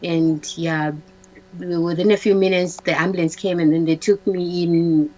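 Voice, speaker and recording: A woman, a talk-show guest, telling a personal story in a halting way, restarting often, repeating words and acting out what others said. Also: on the low side, steady tone, warm tone, muffled recording, a little hiss or hum. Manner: acts out the dialogue of others in her story.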